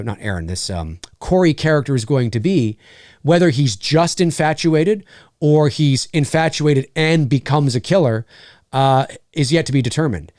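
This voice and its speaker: Chatting with livestream viewers in a casual Q&A, a middle-aged male voice actor speaks in a slightly high voice. His animated talk rambles and restarts a lot, captured dry on a studio mic in his home studio.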